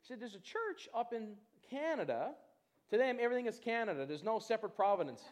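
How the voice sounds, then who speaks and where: A man preaching, telling a personal testimony in an animated storytelling way and acting out other people's voices. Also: sits high, fast. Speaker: pastor. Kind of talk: testimony in a church sermon.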